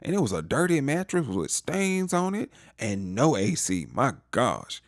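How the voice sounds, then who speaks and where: A man voicing a spoiled young woman, complaining in a sassy, drawn-out way. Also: mid-range voice, huge pitch swings, dry recording, clean studio sound, pitched above the performer's own voice.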